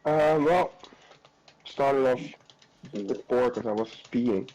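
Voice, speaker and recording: A man's voice: medium pitch, slow, a little mellow, a little hiss or hum, low-quality recording. A man talking through his race casually in a post-race interview, swearing now and then.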